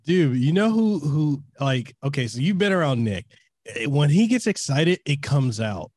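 A man's voice: a little high, very animated, normal speed, darkish tone, breathy edge, no echo. A man whose first language is Samoan, hosting a podcast in casual chat, with a stutter and frequent laughs. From Hawaii. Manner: stutters and stammers, laughs often. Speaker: podcast host.

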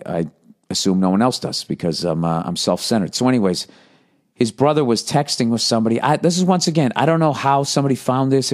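A man's voice: mid-range voice, a little mellow. A man hosting a podcast, delivering a profane, mocking comedic rant and laughing as he reads aloud. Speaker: podcast host.

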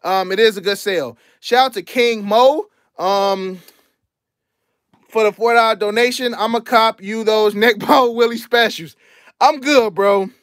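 Young male streamer, high voice, dry close mic, relaxed slangy delivery, thanks donors as he goes. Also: a little slow, no room sound. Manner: laid-back slangy chatter, shouting out donors. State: out of breath. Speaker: sneaker channel host. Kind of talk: casual livestream show-and-tell.

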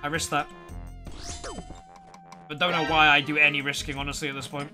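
A man streaming a game live, excitable and swearing as he reacts and talks to his chat. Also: fairly high pitch, a little fast, music in the background. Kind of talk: live gameplay commentary to chat.

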